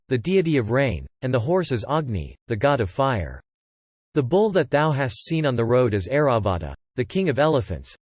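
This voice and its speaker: A man reading the part of a wise old teacher who explains things calmly in archaic speech. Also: mid-range voice, no echo. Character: wise old male preceptor, calm teacher.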